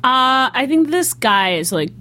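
A woman's voice: high voice, very animated, unhurried, sharp tone. A young woman co-hosting in easygoing casual chat, laughing often. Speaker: co-host.

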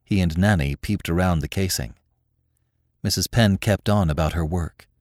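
A man reading a classic short story aloud as a podcast narrator, in an expressive, lively storytelling manner. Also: low voice, dry recording, studio quality.

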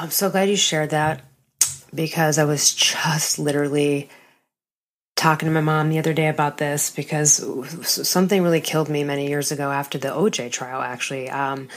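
A woman podcast host chatting casually with her guest, earnest and emotional as she shares a personal story. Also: low-pitched. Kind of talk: casual interview chat.

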